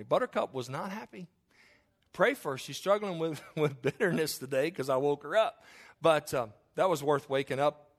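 Folksy preaching man, high voice. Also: moderate pace. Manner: folksy, joking asides, repeats himself. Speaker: pastor. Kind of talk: sermon.

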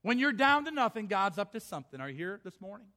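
A middle-aged pastor delivers an impassioned sermon in a high, bright voice. He often acts out the voices of the people in his story, shifting between them and his own preaching. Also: very animated, fast talker.

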